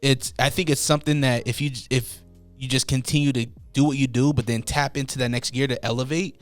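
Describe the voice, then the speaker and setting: A man's voice: medium pitch, fairly even intonation, brisk, soft background music. Upbeat male podcast host. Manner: encouraging, upbeat sign-offs. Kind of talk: casual podcast chat. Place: Utah.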